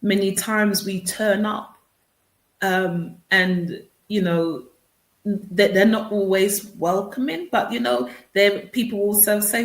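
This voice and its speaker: Taking it slowly, with a mid-range voice and fairly even intonation, an author and consultant answers radio interview questions. She's earnest and often says words twice as she begins a thought anew, all captured with roomy echo.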